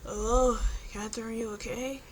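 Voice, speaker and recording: Woman voicing a sleepy teenage boy, flat plain delivery, story reading, fairly high voice. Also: brisk, creaky, slight background noise. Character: teenage boyfriend, tired and sleepy.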